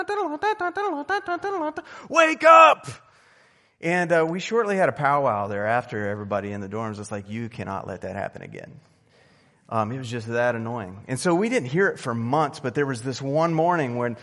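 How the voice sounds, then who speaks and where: A man preaching a sermon in an easy, talky storytelling way, punching some phrases and dropping others to near a murmur. His voice sits at a middle pitch and trails off into the long reverb of a church hall. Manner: conversational storytelling, lively swings between loud and soft. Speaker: pastor. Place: church sanctuary.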